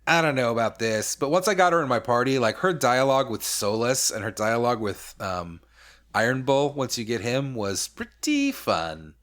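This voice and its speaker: A young man co-hosts a laid-back gaming podcast, his medium-pitched voice sing-song and a little bright at a moderate pace. He rambles along, dropping "like" constantly and launching into mock-outraged rants.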